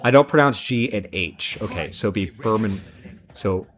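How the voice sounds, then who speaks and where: With a lowish, expressive voice at a moderate pace, a Midwestern man from Chicago runs a laid-back gaming livestream. He curses freely and drifts into tangents as he goes.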